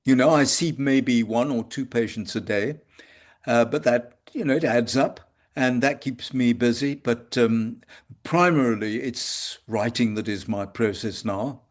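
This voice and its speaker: Older man, measured and halting. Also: medium pitch. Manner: measured, halting with frequent pauses. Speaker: homeopath guest. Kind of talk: reflective conversation. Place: home consulting room.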